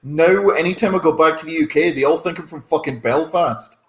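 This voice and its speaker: Man, scottish-irish accent, wry dry humour, slightly high voice, roomy echo. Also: a little fast, slight background noise. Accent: Scottish mixed with Irish. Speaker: comedian guest. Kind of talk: casual chat on a live comedy show.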